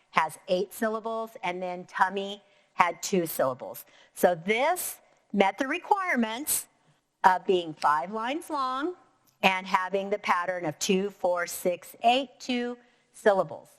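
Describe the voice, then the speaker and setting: A woman teaching a recorded lesson to young students, talking clearly and patiently and counting syllables out slowly. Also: mid-range voice, a bit bright. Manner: clear, encouraging, slow and deliberate when counting syllables. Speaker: elementary school teacher.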